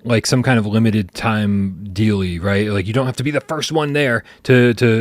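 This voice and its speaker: A man's voice: medium pitch, brisk, few pauses, no echo. A man hosting a casual livestream podcast, playful and teasing, rambling with restarts. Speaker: podcast host.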